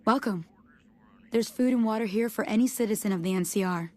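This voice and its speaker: A woman's voice: mid-range voice, fairly quick, darkish tone, lightly acted. An actress voicing a kindly woman army officer in video game dialogue, polite and a little reserved. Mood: gentle.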